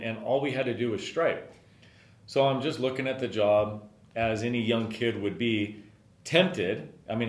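A middle-aged man hosting a podcast, telling a story casually and rambling with lots of filler words. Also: medium pitch. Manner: rambling, frequent "you know" fillers. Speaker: podcast host and business owner. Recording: roomy echo.

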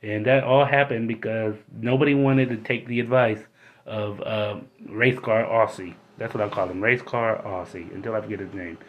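A man's voice: on the low side, steady tone, moderate pace, muffled recording. A man hosting his own podcast alone, ranting bluntly and with a lot of swearing, and he gets worked up as he talks. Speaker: podcast host. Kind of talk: casual ranting monologue.

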